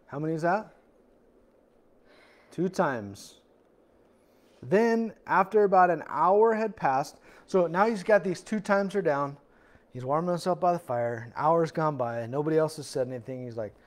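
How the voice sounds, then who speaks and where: A male pastor teaches through a passage in a relaxed, conversational style. He often slips into little acted voices for the people in the story. His voice sits a touch higher than most men's. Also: unhurried, long pauses. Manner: conversational, acts out quotes with voices. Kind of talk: expository sermon. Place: church.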